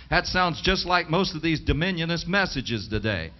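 A man's voice: on the high side, big pitch swings, moderate pace. A middle-aged man preaching a sermon and reading scripture aloud. He speaks with emphasis and asks the audience rhetorical questions. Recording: dull lo-fi 1980s television broadcast.

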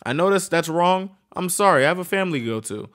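A man's voice: high-pitched, animated, fast talker, a bit bright. Rambling young man in a casual chat. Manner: rambling, profane, joking asides. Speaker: co-host.

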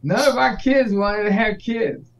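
An older man panelist joining the chat with lively remarks. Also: high-pitched, a little slow, creaky. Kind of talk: casual chat.

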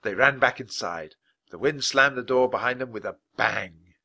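A man reading a children's chapter book aloud at a clear, natural pace for English learners. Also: mid-range voice, sharp tone. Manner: clear, unhurried storytelling. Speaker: audiobook narrator.

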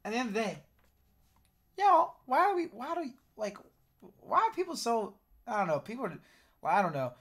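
A man with a high-pitched voice reacts to a video on stream. He keeps it loose and joking, dropping swears as he riffs. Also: very animated, fairly quick, pauses often, a bit bright. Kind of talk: casual reaction commentary.

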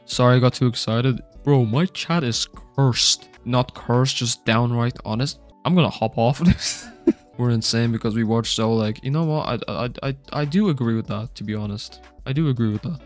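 A young man streaming a video game, reacting loudly, swearing and reading his chat aloud. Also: mid-range voice, moderate pace, soft background music. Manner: excitable, swears a lot, reads chat aloud. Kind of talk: gaming livestream commentary.

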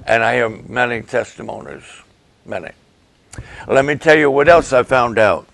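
A male pastor preaching to the camera, slow and emphatic, repeating key phrases for weight. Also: medium pitch, expressive, gravelly, a bit bright. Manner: slow, deliberate, emphatic with repetitions.

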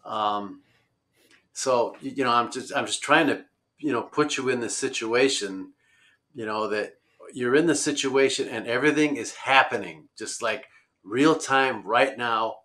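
A man's voice: medium pitch, unhurried, pushed and bright. A man telling a travel story in a rambling conversational way, with many fillers and restarts. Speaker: road-trip traveler guest.

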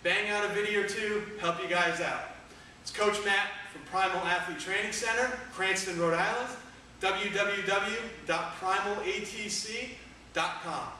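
A man coaching discus technique, giving energetic, emphatic cues in an instructional demo. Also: sits high, measured pace. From United States. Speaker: throwing coach. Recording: echoey room, distant mic, faint noise.

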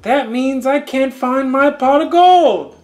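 Glum storybook leprechaun read by an older man, slow, plain voice. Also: extremely high pitch, soft background music. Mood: sad. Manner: mournful storybook reading. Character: sad little male leprechaun.

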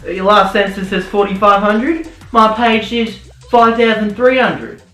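A young man rants sarcastically through a jokey commentary, his voice jumping around as he mocks and riffs. The room rings with a clear echo, and soft music plays faintly underneath. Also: measured pace. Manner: sarcastic, mock-ranting, jumpy pitch. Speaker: YouTuber commentator. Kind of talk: rambling comedic commentary.

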